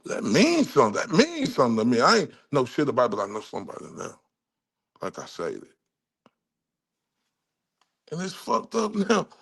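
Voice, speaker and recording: A man's voice: mid-range voice, huge pitch swings, normal speed, vocal fry, long pauses, husky. A man from Dallas, Texas, hosting a livestream and delivering a furious rant full of profanity. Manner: furious, heavily profane ranting. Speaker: livestream host.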